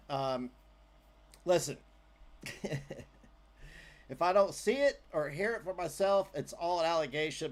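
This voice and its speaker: Man, livestream host; casual and jokey, lively pitch. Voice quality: animated, jokey, trails off into asides.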